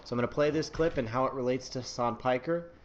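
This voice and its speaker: A man's voice: mid-range voice, fast talker. A man hosting a commentary channel, setting up clips in a plain, casual way with some fillers. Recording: dull lo-fi audio with noise.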